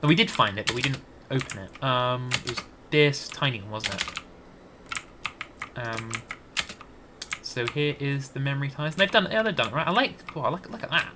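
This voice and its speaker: A man's voice: medium pitch, animated, normal speed, long pauses, background noise. A Scottish man giving rambling, hesitant gameplay commentary into a desk mic, with many restarts. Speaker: gaming YouTuber.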